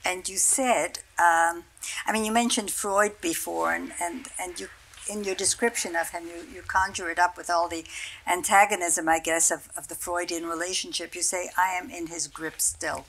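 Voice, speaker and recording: A woman's voice: lowish voice, fairly even intonation, moderate pace, a bit bright, slight background noise, low-quality recording. A woman interviewing a guest on stage, asking thoughtful questions with some hesitation. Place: stage talk at a cultural center.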